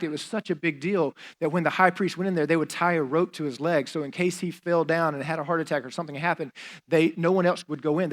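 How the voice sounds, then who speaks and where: A man preaching a sermon as a pastor, in a conversational style with fillers and casual asides. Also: on the high side.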